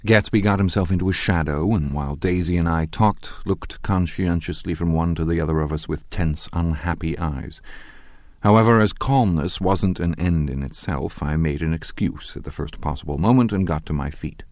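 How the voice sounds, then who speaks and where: A man narrating an audiobook in a measured, wry storytelling manner. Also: low-pitched, a little mellow, no room sound, clean studio sound. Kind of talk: scripted narration.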